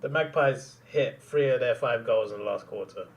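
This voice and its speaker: Man, young adult, live sports reaction, excitable, laughs often, mid-pitched voice. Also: moderate pace, recorded from a distance. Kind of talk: casual live match reaction.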